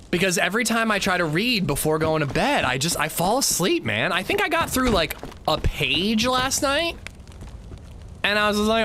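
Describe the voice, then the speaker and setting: A man's voice: high voice, very animated, a little fast, sharp tone, slight background noise. A man livestreaming a game, chatting casually and rambling while he reads chat aloud.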